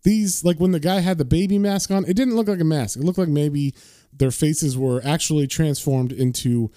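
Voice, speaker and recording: A man's voice: on the high side, normal speed, mellow, no room sound, studio quality. A man casually recapping and reading a comic book issue as a podcast host. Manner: casual, with fillers and laughs.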